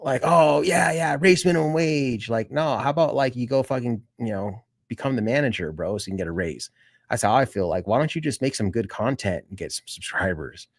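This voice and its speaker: A man's voice: fairly low pitch, animated, fairly quick. A man chatting casually on a live stream, rambling to his viewers, swearing and saying "dude" a lot. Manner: talks straight to his viewers.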